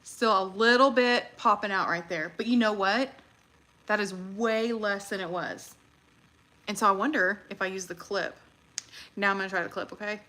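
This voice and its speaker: Bright-voiced excitable woman. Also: medium pitch, normal speed. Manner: chatty and excitable, laughs often. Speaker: livestream host. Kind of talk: casual livestream chat.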